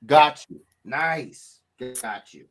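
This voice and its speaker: A man's voice: extremely slow, fairly bright tone. A man co-hosting a casual livestream, bantering playfully with viewers and his co-host. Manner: playful, bantering, swings pitch a lot.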